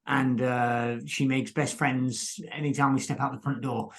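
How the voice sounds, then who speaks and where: A man's voice: mid-range voice, little pitch movement, a little slow. A man hosting a podcast interview, speaking hesitantly with many fillers. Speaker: podcast host.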